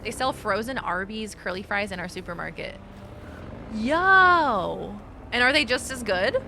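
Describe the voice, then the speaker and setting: Bright-voiced chatty woman streamer. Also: medium pitch, a little fast, slight background noise. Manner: chatty, laughing, swears freely. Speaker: game streamer. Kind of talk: casual chat while gaming.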